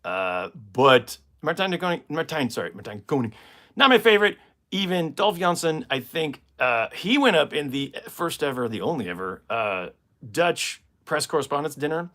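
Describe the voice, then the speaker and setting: A man's voice: medium pitch, sing-song, normal speed, fairly bright tone. An American man, a comedian, answering viewer questions in a casual, rambling live stream and laughing at his own jokes. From United States.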